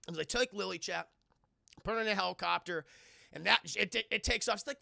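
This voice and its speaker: A man with a bright, gravelly voice recaps a movie live for his chat, swearing freely and acting out the characters' lines. His voice sits high and his sound is dry and close. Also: brisk, no echo. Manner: profane, animated, acts out characters' lines. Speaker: streamer and film reviewer.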